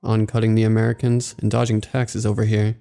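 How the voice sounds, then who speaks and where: A man voicing a gruff, gossipy older mover who speaks in grim warnings. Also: lowish voice, monotone, a little fast, warm tone. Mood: ominous.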